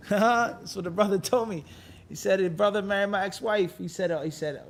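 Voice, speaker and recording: A man teaching Islamic law to a class, animated and quizzing his students again and again. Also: high-pitched, measured pace, long pauses. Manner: animated, quizzes class with repeated "what?" prompts; acts out quoted people in lively bits. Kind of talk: classroom lecture.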